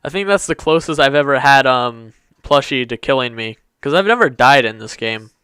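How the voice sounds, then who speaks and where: A man's voice: medium pitch, lively intonation, normal speed, pushed and bright, clean tone, dry recording. A man giving casual let's-play commentary to his viewers, chatty and apologetic, stumbling over his words. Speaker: gaming YouTuber.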